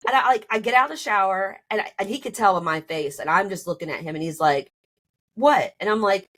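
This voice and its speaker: A woman's voice: medium pitch, lively intonation, a little fast, fairly bright tone. A woman telling her own story on a podcast, casually and animatedly, full of "like" and "you know", acting out both sides of arguments in a rising voice. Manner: many fillers like "like" and "you know".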